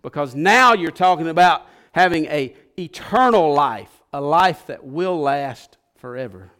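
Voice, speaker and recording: Folksy preacher, rising and falling. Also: male voice, a little high, expressive, a little slow. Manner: folksy, impassioned, swings from hushed to loud. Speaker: pastor. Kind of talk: sermon.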